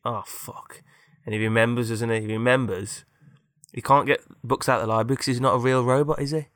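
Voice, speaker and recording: A man's voice: medium pitch, fairly even intonation, fast, a bit bright, dry recording, studio quality. A man casually improvising a story, rambling with fillers and tag questions.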